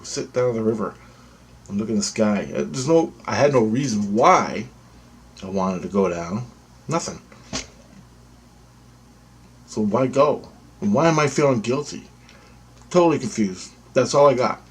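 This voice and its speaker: This man's voice sits at medium pitch with a breathy edge; he is expressive and unhurried, pausing often. As a vlogger, he tells his own story in casual, rambling, repetitive fashion, swearing freely.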